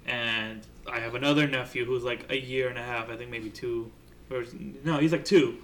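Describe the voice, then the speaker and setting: A man's voice: medium pitch, steady tone, moderate pace, distant mic. A young man joking and chiming in on a casual podcast. He sits a little back from the mic, and faint noise runs underneath. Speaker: podcast co-host. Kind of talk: casual chat.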